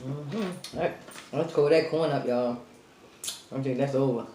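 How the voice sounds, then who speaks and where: Between mouthfuls, this woman hosting an eating show chats casually with her audience, addressing them as "y'all" and running short of breath. Her voice is very deep and unhurried, and the recording picks up room echo and background noise.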